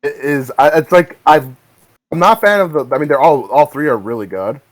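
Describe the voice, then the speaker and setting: A man's voice: fairly high pitch, fairly quick, no room sound, rough recording. A man co-hosting a podcast in casual chat, often hesitant and restarting his sentences. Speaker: podcast co-host.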